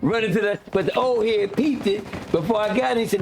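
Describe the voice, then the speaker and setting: A man hosting a live talk show, telling a jail story in casual, profane slang and acting out the people he quotes in a high, loud voice. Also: fairly quick, gravelly, slight background noise.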